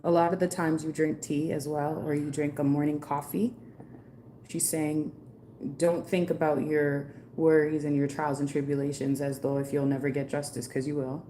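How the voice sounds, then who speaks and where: A woman's voice: deep voice, little pitch movement, moderate pace, warm tone, a little hiss or hum. A woman giving a chatty, rambling live-stream card reading, passing on messages from spirits. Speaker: psychic card reader.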